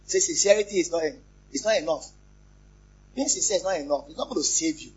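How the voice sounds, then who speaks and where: A pastor, preaching a lively sermon, repeating phrases and joking with the congregation. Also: male voice, a little high, quick pace, slightly rough. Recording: muffled, lo-fi church recording.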